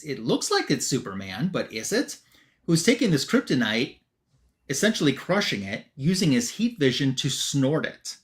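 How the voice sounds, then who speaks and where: Male host at a mid pitch, chatty comic recap delivery with quick quoted asides. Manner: retells scenes with filler words and quick quoted asides. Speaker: podcast host. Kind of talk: casual comic book recap.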